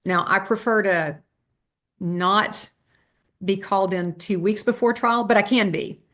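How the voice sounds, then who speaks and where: A woman trial lawyer, a podcast guest, telling stories with quick asides and restarts. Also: mid-range voice, fairly even intonation, a bit bright.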